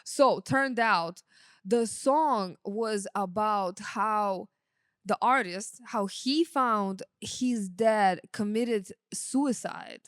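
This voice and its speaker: A woman's voice: mid-range voice, very slow, smooth, no echo, clean studio sound. A young woman, a sound engineer whose first language is not English, telling stories in a casual podcast chat, laughing often and using many fillers.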